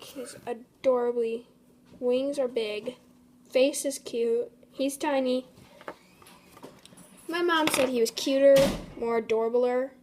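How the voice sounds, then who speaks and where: Chatty young woman with a high voice. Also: darkish tone. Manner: chatty, apologetic, talks to her materials. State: a bit out of breath. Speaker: craft tutorial host. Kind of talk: casual craft tutorial. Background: faint storm noise.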